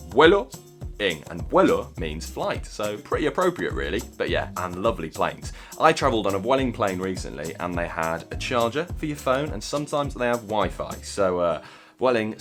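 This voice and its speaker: A young man talks through words in a casual, joking explainer. His voice sits low but swings up and down with animated energy. Soft music plays faintly underneath. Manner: playful, chatty, jokey asides. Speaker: language video host.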